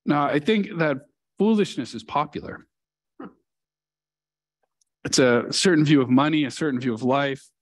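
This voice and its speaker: A man's voice: fairly high pitch, a little slow, long pauses. A male pastor preaching a sermon in a church, telling a story earnestly and leaning hard on key words. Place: church sanctuary.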